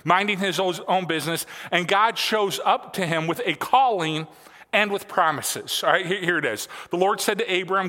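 Pastor guy in his 40s, kinda high voice, chatty sermon, lots of uhs. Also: normal speed, pushed and bright, long reverb tail. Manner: casual storytelling with fillers. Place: church sanctuary.

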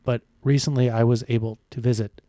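A man telling a comic story with deadpan, mock-solemn delivery in casual chat. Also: mid-range voice, a little fast, no room sound. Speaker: podcast co-host.

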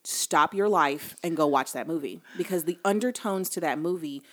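A woman's voice: deep voice, normal speed, fairly bright tone. A woman in casual conversation, telling stories in an earnest, emphatic way.

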